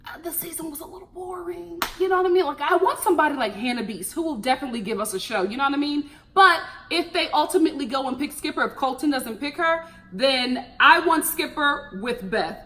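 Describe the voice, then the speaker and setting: A young woman chatting animatedly through a TV recap, breaking into laughs and jumping high in pitch for emphasis. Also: animated, fairly quick, sharp tone. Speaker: TV recap vlogger.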